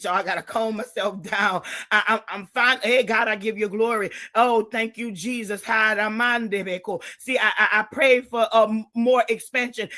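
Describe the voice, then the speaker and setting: A fervent woman preacher delivers an impassioned sermon in a high, bright voice. She keeps circling back to exclamations to God and breaks into shouts as the spirit rises. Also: fairly even intonation, normal speed, few pauses. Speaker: Christian preacher and show host. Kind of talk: impassioned sermon-style exhortation.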